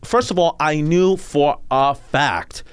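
A man's voice: fairly high pitch, takes it slowly, smooth, no echo. A man hosting a podcast, talking in a casual, emphatic and rambling way. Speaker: podcast host.

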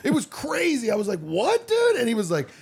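A man's voice: very high-pitched, sing-song, fast, vocal fry, husky. A man chatting casually as a podcast guest, telling rambling, profane anecdotes and acting out what others said. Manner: rambling storyteller, swearing, acts out quotes. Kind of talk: casual comedic chat.

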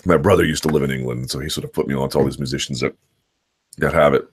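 A very low-voiced man hosting a live chat on combat sports. He talks unscripted in long, winding sentences, restarting his thoughts and hammering points home with repetition. His delivery is analytical and in earnest. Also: steady tone, fast, slightly rough. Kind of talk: unscripted live-stream commentary.

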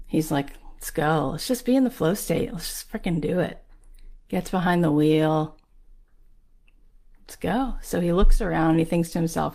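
Woman, lower voice, motivational storytelling, animated quoted dialogue. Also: vocal fry. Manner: animated, acts out quoted lines. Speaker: speaker on manifesting.

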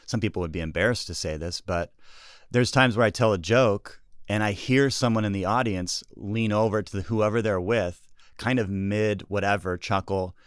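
A man's voice: on the low side, moderate pace, smooth, no echo, studio quality. An American man, a stand-up comedian, talking casually and earnestly about his craft, often restarting his sentences. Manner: rambling, self-interrupting, earnest. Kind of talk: casual podcast chat.

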